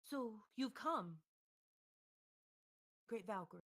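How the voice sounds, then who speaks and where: A woman voicing a nervous man just freed from an owl curse, pleading in earnest, halting lines. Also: high voice, expressive, pushed and bright, heavily acted.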